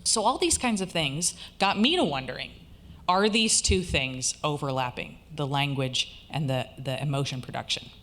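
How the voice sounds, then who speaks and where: A woman's voice: deep voice, lively intonation, normal speed, a bit bright. A woman college instructor giving a recorded lecture, explaining step by step and checking in with her listeners.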